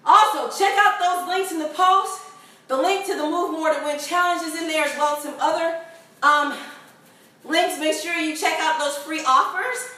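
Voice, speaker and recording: A woman's voice: very high-pitched, moderate pace, bright, forceful tone. A woman fitness instructor leading a home workout video, upbeat and encouraging, a bit out of breath. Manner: upbeat, encouraging, laughs often. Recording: echoey room, far from the mic.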